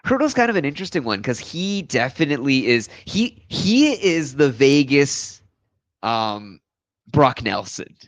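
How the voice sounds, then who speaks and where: A man's voice: medium pitch, big pitch swings, measured pace, dry recording. A man co-hosting a podcast, talking casually and rambling, often correcting himself. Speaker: podcast co-host. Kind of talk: casual chat.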